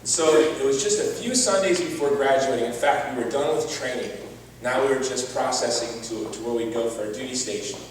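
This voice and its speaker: A man's voice: mid-range voice, a little fast, slight background noise. Man telling a story in an echoey hall. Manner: earnest storytelling with wry humor. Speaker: gala speaker. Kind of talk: personal testimony speech. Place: large event hall. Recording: distant echoey hall recording.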